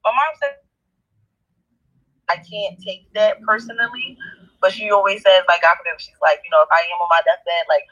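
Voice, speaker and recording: Bright young woman talking fast. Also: medium pitch, steady tone, dull audio. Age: 20s. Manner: quick, affirming, with a lot of "like". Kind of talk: casual conversation.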